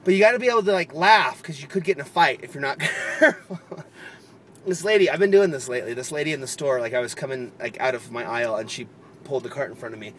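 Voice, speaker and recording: A man's voice: mid-range voice, quick pace, fairly bright tone, slight background noise. A man chatting casually in a vlog, rambling and laughing often as he explains a prank. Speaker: vlogger.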